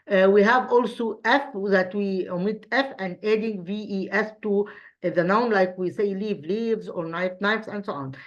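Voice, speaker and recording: A woman teaching an English lesson, explaining slowly with frequent fillers and restarts and spelling out letters. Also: medium pitch, muffled recording. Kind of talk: online lesson review.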